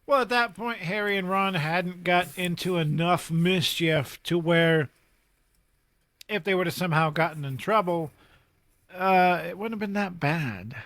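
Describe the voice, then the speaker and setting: High-voiced joking podcast host. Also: male voice, a little slow, a bit bright, no room sound. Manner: joking, stammers and restarts his sentences. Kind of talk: casual chat.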